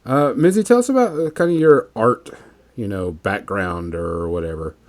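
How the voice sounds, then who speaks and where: A man hosting a casual podcast, chatting in a relaxed, rambling way with plenty of fillers while he paints miniatures. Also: on the low side, normal speed.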